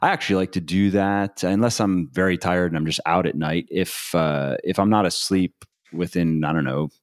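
A man hosting a podcast, talking in a relaxed, hesitant way with many fillers. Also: low-pitched, normal speed, no echo, clean studio sound. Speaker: podcast host. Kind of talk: podcast conversation.

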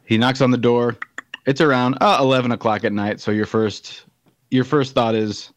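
A man's voice: mid-range voice, fairly even intonation, moderate pace. Playful man co-hosting a comedy podcast. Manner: playful, jokey. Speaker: podcast co-host. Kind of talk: casual comedic chat.

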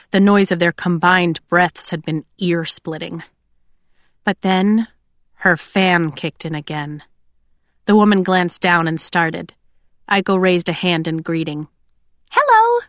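Low-voiced woman narrating a story. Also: no echo. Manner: expressive storytelling. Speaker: audiobook narrator. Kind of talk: scripted narration.

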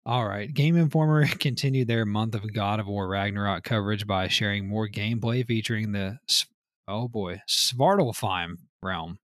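A man's voice: on the low side, moderate pace, no room sound, studio quality. A man co-hosting a casual gaming podcast, reading news items and riffing with loose, profane chatter. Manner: reads news items then riffs loosely, swears often.

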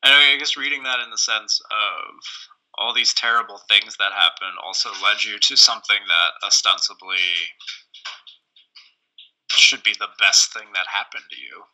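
Male co-host with a low, sharp, bright voice, musing his way through ideas. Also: moderate pace, poor audio. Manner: reflective, thinking aloud with hesitations. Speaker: podcast co-host. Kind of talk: casual film discussion.

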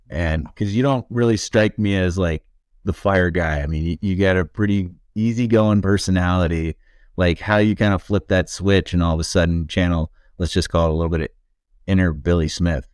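Man, podcast host, very low voice, relaxed questions, dry close sound. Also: no echo. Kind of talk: interview questions.

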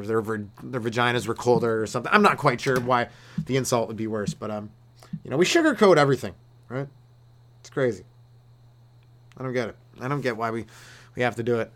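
A male comedian hosting a solo podcast, rambling and cursing through a loose rant, laughing at his own jokes and slipping into quick mock voices. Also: medium pitch, fairly bright tone. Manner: slips into quick mock voices for quoted people.

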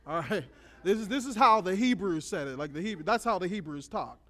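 A man with a high, bright voice preaches to young people. He tells the story in a loose, slangy, joking way and keeps it animated. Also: a little fast. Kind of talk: casual storytelling sermon.

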